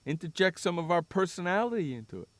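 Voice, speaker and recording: A man's voice: sits high, animated, fast talker, no echo. Teasing, joking man on sports radio. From San Diego. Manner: teasing, joking, repeats himself, laughs often. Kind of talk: casual chat.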